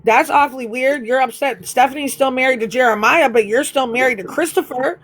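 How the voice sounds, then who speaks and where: High-voiced woman ranting live. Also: fairly quick, fairly bright tone. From US Midwest, near Chicago. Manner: blunt, profane, fired-up. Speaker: livestream host. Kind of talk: heated casual livestream rant.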